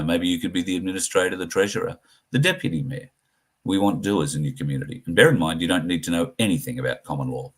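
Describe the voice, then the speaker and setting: Very deep, husky Australian man. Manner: earnest, plain-spoken, halting with many fillers. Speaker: livestream host. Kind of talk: casual livestream talk to viewers.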